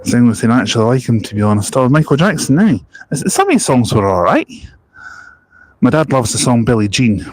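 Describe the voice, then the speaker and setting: A man's voice: mid-range voice, sing-song, a little fast, darkish tone, rough recording. A Scottish man chatting casually on a bus-spotting live stream, reading out viewer comments in a jokey, rambling way. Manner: jokey, rambling, laughs at his own stories.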